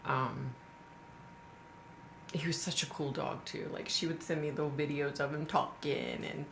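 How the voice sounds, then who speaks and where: A woman's voice: low-pitched, creaky, a bit bright. A middle-aged woman, hosting a casual livestream and chatting sympathetically with viewers she greets by name. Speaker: livestream host. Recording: echoey room with faint noise.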